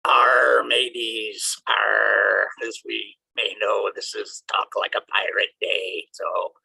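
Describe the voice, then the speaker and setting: A man's voice: on the low side, flat delivery, takes it slowly, vocal fry, pushed and bright, breathy edge, heavily acted, low-quality recording. A man voicing a jolly male pirate who greets his mateys in growling pirate talk, as a joke at an online open mic. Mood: playful.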